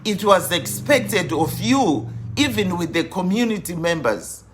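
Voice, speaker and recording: Slow, earnest woman coach. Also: fairly low pitch, expressive, slight background noise. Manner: earnest, sprinkled with fillers and Shona words. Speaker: life coach. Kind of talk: motivational talk on grief.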